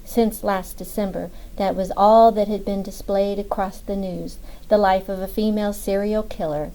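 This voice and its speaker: A woman narrating an audiobook in a steady, measured reading. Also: mid-range voice, poor audio.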